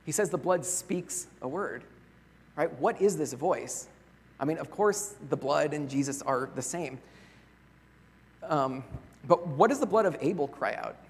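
A man preaching a sermon as a pastor, earnest and conversational, often pausing on rhetorical questions. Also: fairly high pitch, lively intonation, breathy edge. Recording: long reverb of a large hall.

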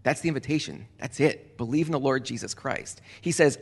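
A man leading communion as a pastor, speaking earnestly and deliberately, repeating key phrases for emphasis. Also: mid-range voice, gravelly. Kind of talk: communion sermon. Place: church sanctuary. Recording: long church reverb.

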